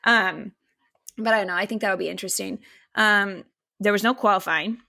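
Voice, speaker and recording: A woman's voice: mid-range voice, fairly quick, vocal fry, sharp tone. A woman co-hosting a podcast in casual chat, swearing freely, laughing often and steering the questions. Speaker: podcast co-host.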